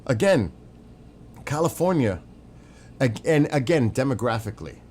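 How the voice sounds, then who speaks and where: A man's voice: mid-range voice, big pitch swings, moderate pace, a little mellow, slight background noise. A man streaming, giving opinionated, rambling casual commentary and answering chat, swearing now and then. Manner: answers chat viewers by name.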